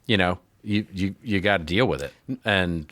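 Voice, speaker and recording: A man's voice: low voice, moderate pace, a bit bright, no room sound. A man co-hosting a marketing podcast, talking casually with frequent restarts and fillers. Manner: chatty, lots of restarts and fillers. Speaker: podcast co-host. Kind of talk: casual chat.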